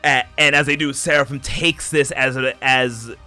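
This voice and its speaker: A man as game master, narrating a tabletop game dramatically with halting fillers. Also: medium pitch, steady tone, sharp tone, soft background music.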